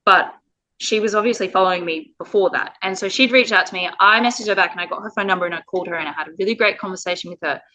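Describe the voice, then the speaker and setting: A woman's voice: medium pitch, rapid-fire, bright, forceful tone, low-quality recording. A woman from Australia, a parent telling her story in an interview, earnest and emotional with the odd laugh. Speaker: parent guest.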